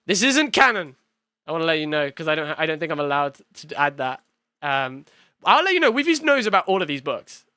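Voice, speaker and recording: A young man reacting to his own video on stream, excitable and swearing, talking in quick bursts. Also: a little high, smooth, no echo. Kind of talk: casual reaction commentary.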